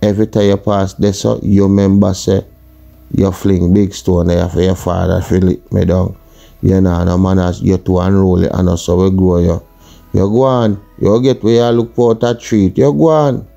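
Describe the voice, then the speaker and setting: A man's voice: deep voice, flat delivery, moderate pace, gravelly, soft background music. A man voicing an angry, strict Jamaican father who scolds his unruly son with a Jamaican accent. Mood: angry scolding. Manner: scolding, shouting, hot-tempered.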